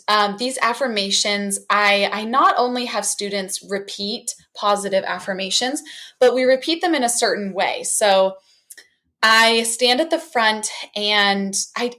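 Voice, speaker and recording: Woman, art teacher, podcast guest, medium pitch, expressive, acts out voices. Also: unhurried. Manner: expressive, acts out classroom voices as she explains. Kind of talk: casual interview.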